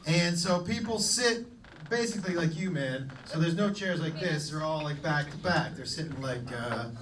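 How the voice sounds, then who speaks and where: A man doing live stand-up on a comedy club stage, telling a story in an animated, profane way. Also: a little high, normal speed, recorded from a distance, noisy background. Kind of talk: live stand-up crowd work.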